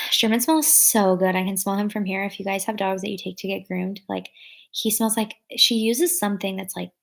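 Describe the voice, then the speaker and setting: With a creaky, mid-range voice, a woman in her twenties talks casually to her livestream audience, filling gaps with plenty of fillers and reading chat comments out loud.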